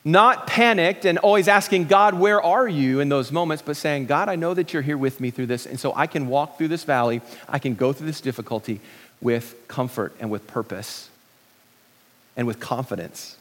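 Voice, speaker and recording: A middle-aged pastor preaching a sermon in a relaxed, joking way, with many restarts and fillers. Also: male voice, a little high, normal speed, long reverb tail.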